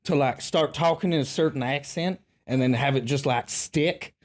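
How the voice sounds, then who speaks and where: A man putting on a drawn-out Southern US accent, playing a playful man from the Louisiana bayou. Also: on the high side, natural voice. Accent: put-on Southern US.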